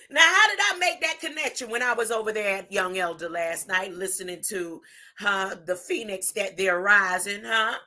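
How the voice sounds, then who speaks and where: A woman giving an impassioned spiritual monologue, drawing her words out and tagging her points with a rising "huh?". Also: medium pitch. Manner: drawn-out, deliberate phrasing with sudden loud bursts. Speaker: spiritual video preacher.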